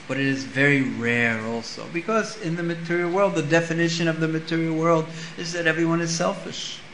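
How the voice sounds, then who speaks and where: A man giving a sermon, reading a scripture passage and explaining it with lively stories. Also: a little high, reverberant, a little hiss or hum, rough recording. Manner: storytelling with acted-out voices. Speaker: spiritual teacher.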